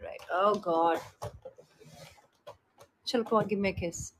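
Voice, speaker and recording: A woman's voice: medium pitch, animated, measured pace, pauses often, a little hiss or hum, low-quality recording. A young woman with an Indian accent chatting affectionately with viewers on a live stream, greeting them by name and blowing kisses. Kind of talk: casual live-stream chat.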